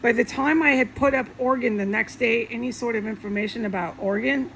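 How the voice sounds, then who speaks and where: A woman's voice: on the high side, fast talker, a little hiss or hum, low-quality recording. A woman talking alone in an angry, profane, repetitive monologue, speaking to viewers from her home. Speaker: vlogger.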